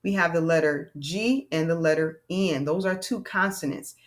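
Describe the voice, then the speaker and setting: A woman teaching a children's reading lesson in an animated, playful way, slowing down to stress key words. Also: on the low side.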